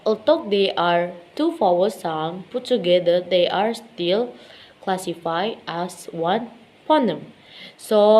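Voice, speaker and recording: A woman's voice: fairly low pitch, darkish tone. A young woman student giving a class presentation, carefully reading out example words one by one. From Indonesia. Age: young adult.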